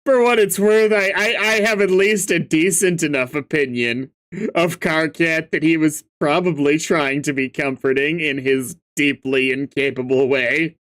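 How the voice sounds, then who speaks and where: Man, fairly high voice, slow unhurried delivery, reading a comic aloud, stammering reactions. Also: steady tone, a bit bright. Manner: stammers and laughs often, reacts with sudden outbursts. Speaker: webcomic reader and reactor.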